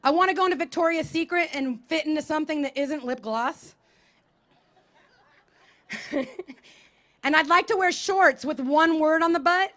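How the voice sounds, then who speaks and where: High-voiced woman doing outdoor stand-up. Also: fairly bright tone. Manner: self-deprecating, punchy delivery with laughs. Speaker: stand-up comedian. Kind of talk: stand-up comedy set. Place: outdoor festival stage.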